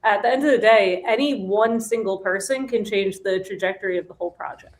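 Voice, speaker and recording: A woman's voice: medium pitch, fairly quick. A woman guest chatting casually on a livestream, laughing often and using many fillers. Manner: giggly, animated, filler-heavy. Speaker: special guest.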